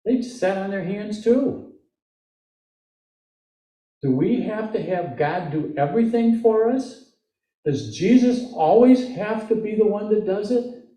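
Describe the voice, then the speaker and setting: A man with a high, warm voice and lively intonation preaches slowly, pausing often. He's a Midwestern lay preacher whose relaxed sermon mixes questions for the congregation with jokes, captured by a far-off mic in an echoey church.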